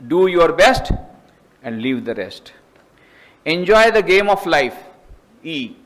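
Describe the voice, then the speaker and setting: A man with an Indian accent, a monk giving a lecture, emphatic and repetitive, climbing high in pitch to stress his points. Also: very animated, slow, fairly bright tone.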